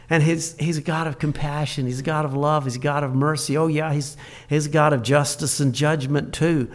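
An older man preaching a sermon in a folksy way, repeating his phrases and swinging between soft and loud. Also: fairly high pitch, steady tone, fairly quick.

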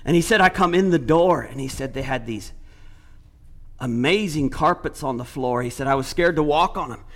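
A man's voice: medium pitch, moderate pace, fairly bright tone. A man preaching a sermon, retelling a story with quoted speech and building to emphatic points.

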